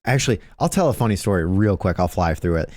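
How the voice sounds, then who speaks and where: A young man talks casually on his live stream, swearing freely and reading posts aloud. His voice sits low, close to a dry microphone with no room sound. When he retells a story, he acts out the other people's lines in it. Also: fast, no echo. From Filipino heritage. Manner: animated storyteller, swears a lot, acts out quotes loudly. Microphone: close streaming mic.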